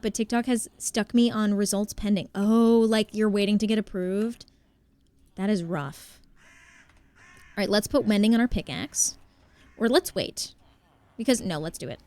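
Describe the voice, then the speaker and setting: Young woman streamer, casual and chatty, slightly high voice, dry close mic. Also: darkish tone, no echo. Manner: chatty, thanks viewers by name, thinks aloud. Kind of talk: casual live-stream chat while gaming.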